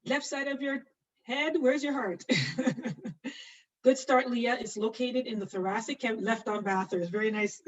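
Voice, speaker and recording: A woman's voice: on the high side, steady tone, moderate pace. A middle-aged woman teaching an online nursing anatomy class, chatty and laughing often as she answers students by name. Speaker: nursing instructor. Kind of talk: live online anatomy lecture. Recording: distant, dull lo-fi mic.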